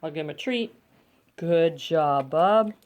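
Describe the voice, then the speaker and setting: Calm woman dog trainer teaching at home. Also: deep voice, takes it slowly, slight background noise. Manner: coaxing praise to dogs between calm explanations. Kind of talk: instructional demonstration. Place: home bedroom, indoors. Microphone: phone camera.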